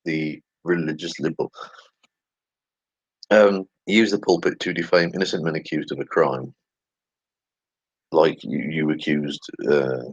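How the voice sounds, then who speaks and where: Low husky sarcastic man. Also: a little mellow, no echo, highs cut off. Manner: sarcastic, swears freely, mutters asides. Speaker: channel host. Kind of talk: casual commentary reading tweets aloud.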